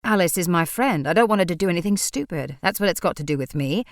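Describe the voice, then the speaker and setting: A woman reads an easygoing, charming young man with a low, close, dry voice. He sounds earnest and a little lost, as if pleading with a friend in an audiobook scene. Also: animated, fast, no echo. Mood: firm.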